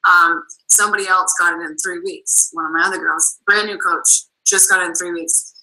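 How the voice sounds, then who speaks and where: A woman's voice: lowish voice, steady tone, a little fast, bright, forceful tone, low-quality recording. A woman with a Boston accent, chatting casually as a guest coach on a team call, full of "like" and "um".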